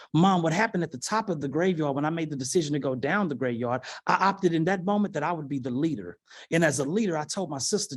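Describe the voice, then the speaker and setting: A man telling a personal story as a motivational speaker in a virtual keynote, animated and calling out to his audience. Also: on the high side, breathy edge. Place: virtual event from home.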